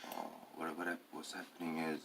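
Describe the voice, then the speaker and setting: A man's voice: a bass voice, flat delivery, normal speed, gravelly, noisy background. A man talking in a rambling, hesitant monologue, full of fillers and tag questions.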